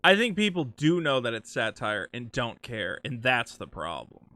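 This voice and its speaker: A man's voice: mid-range voice, dry recording. A man hosting a call-in show, chatting casually and joking around with guests. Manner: animated, joking, quick to riff. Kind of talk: casual chat.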